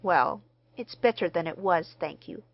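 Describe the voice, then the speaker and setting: A woman reading the part of a mild, courteous gentleman stranger who speaks formally. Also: lowish voice, animated, a little slow, muffled recording. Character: mild, polite middle-aged gentleman stranger.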